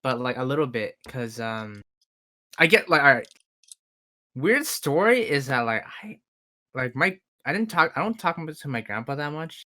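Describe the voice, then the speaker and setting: A man's voice: medium pitch, very animated, normal speed, pushed and bright. A young man co-hosting a podcast, chatting in a laid-back, slangy way and laughing often. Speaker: podcast co-host. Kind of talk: casual chat.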